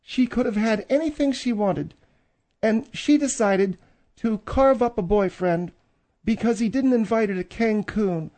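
A man's voice: high voice, measured pace, darkish tone, voice pushed up. Guy putting on a stuck-up prissy lady cohost, pompous, catty little asides, comedy radio bit. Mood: haughty. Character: prissy, snobbish middle-aged woman co-host. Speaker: co-host. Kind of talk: comedic talk radio banter.

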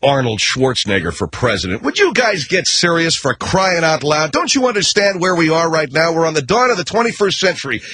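Husky, sarcastic ranting talk host. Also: male voice, a little high, very animated, pushed and bright. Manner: combative, sarcastic, rapid ranting. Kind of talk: ranting talk-radio commentary.

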